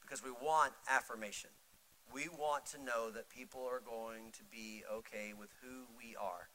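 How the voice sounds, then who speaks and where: A middle-aged male pastor preaching a sermon, swinging from loud, urgent pleading to soft, intimate storytelling. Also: mid-range voice, steady tone, moderate pace, rough recording.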